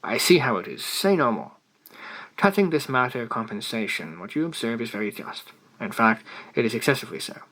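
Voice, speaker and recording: A bland, wheedling elderly editor, voiced by a man reading a story aloud. He coaxes in a bright, forward tone and lowers almost to a whisper on delicate points. He is evasive and never quite flustered. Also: big pitch swings, a little fast, heavily acted, low-quality recording. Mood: blandly persuasive.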